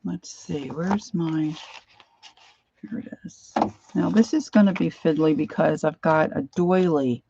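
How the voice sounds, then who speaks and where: Woman crafter, unhurried rambling talk, slightly dull home recording. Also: sits low, gravelly, noisy background. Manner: rambling, talks to herself while rummaging. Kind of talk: casual crafting chat.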